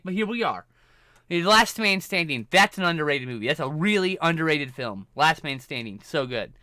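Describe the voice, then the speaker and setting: In a casual livestream rant, a man works through his film collection, swearing freely as he talks about movies. His voice is fairly high with lively intonation and a sharp tone, delivered at a moderate pace in clean, studio-quality audio with no room sound.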